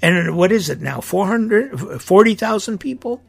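A man's voice: high-pitched, big pitch swings, measured pace, gravelly, slightly rough. A middle-aged man, a priest hosting his own podcast, speaking in an earnest, indignant and emphatic monologue.

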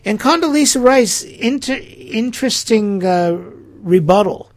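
Expressive and unhurried, a high-voiced middle-aged man delivers an opinion monologue on his podcast. He asks rhetorical questions in disbelief and performs quotes in character.

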